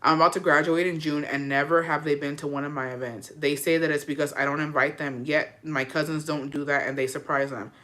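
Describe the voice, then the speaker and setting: A woman with a bright, forward voice hosts a casual advice chat, reading listener letters aloud. She answers them frankly in loose slang, swears freely and calls the listener "bestie". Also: low-pitched, steady tone, a little fast, few pauses. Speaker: podcast host giving advice.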